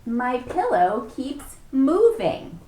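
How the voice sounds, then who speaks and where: Puzzled mild shopper man, done by a woman reading aloud, slow plaintive complaint, storybook voice, echoey room. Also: high-pitched, big pitch swings, warm tone, exaggerated voice.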